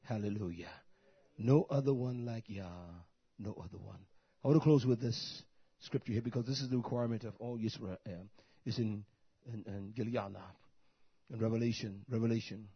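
A man's voice: lowish voice, steady tone, normal speed, husky, no room sound. A man preaching a blunt, scolding sermon, often saying hallelujah and using Hebrew words. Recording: dull, lo-fi dry recording.

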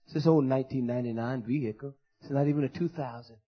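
A man pastor preaching a fiery sermon, swinging from loud shouted denunciations to low muttered asides. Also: fast, husky, dull audio.

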